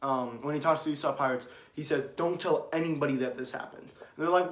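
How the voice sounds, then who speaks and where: A man's voice: a little high, fast talker, few pauses. A young man chatting casually about his favorite anime moments, rambling and restarting. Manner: rambling, restarts, grows excited and loud. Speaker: anime commentator. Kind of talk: casual ranking chat. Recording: echoey room.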